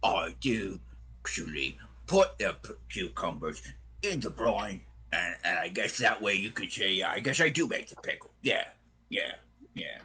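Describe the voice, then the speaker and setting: A rambling half-orc pickle merchant voiced by a man in a tabletop game, friendly and a little slow-witted. The voice sits a bit higher than the speaker's own, and the delivery is slow and husky. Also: big pitch swings, sharp tone, heavily acted. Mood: eager, rambling. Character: simple cheerful male half-orc pickle seller.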